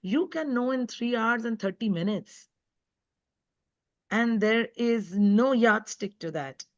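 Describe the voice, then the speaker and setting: A woman's voice: a little high, animated, slow pace. Earnest woman speaking on a lo-fi call. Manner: earnest, emphatic, preachy. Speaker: guest speaker and author. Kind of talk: online panel talk. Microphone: video call.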